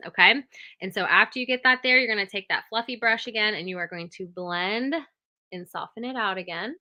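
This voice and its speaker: Woman, makeup tutorial, bright clear voice, step-by-step, keeps checking in. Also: medium pitch, a little fast. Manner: steady step-by-step instruction, frequent "okay?" check-ins.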